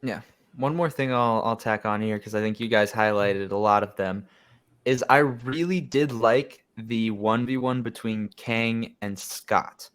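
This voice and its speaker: A man on a podcast, giving a measured, thoughtful take in casual chat. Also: fairly low pitch, fairly bright tone. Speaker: podcast guest.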